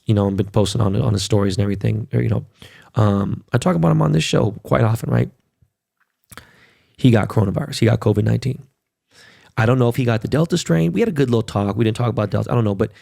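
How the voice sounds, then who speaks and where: A man's voice: fairly low pitch, vocal fry, darkish tone, no echo, clean studio sound. A middle-aged man hosting a podcast, ranting in a casual, profane and emphatic way. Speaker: podcast host. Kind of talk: casual monologue.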